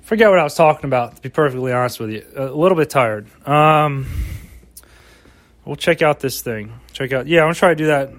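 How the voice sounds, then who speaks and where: A man's voice: medium pitch, a little fast, a bit bright, no room sound. A man hosting a solo podcast, rambling casually with lots of swearing and mock pep talk, recorded outdoors. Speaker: podcast host.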